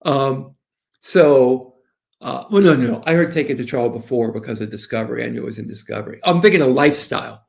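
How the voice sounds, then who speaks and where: Gravelly older man telling courtroom stories. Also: mid-range voice, brisk. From Southern United States. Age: 60s. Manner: animated, storytelling, quoting others. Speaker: defense lawyer guest. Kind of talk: casual interview talk.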